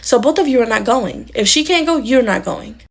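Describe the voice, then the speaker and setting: A woman's voice: a little high, expressive, normal speed, gravelly. A woman acting out a stern, fed-up adult in a comedy skit, scolding and lecturing bluntly. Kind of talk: comedy skit role-play.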